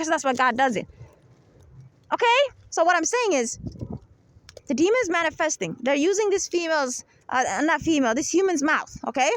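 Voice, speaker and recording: A woman with a high voice talks to her audience in a long, insistent monologue, checking in over and over with "right?" and "okay?". Her voice is recorded close and dry, with no room sound around it. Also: fairly bright tone, dry recording. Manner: insistent, lecturing tone. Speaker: channel host. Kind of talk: rambling monologue to camera.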